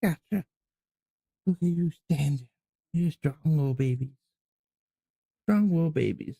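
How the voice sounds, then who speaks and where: A woman with a rough, husky voice coos at her pets in baby talk. Her pitch leaps high and her voice rings loud as she turns away from the mic. The room is dry and close. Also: animated, a little slow, no echo.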